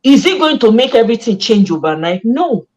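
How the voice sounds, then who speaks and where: A woman's voice: on the high side, big pitch swings, brisk, a little mellow, poor audio. A Nigerian woman hosting a casual chat, passionate and emphatic, mixing Pidgin and English. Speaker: host.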